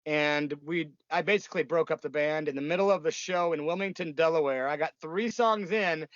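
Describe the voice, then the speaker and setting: Man, 50s, punk musician storytelling, blunt, profane, rambling, slightly high voice, dry dull lo-fi audio. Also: brisk, a bit bright, dry recording. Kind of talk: casual interview storytelling.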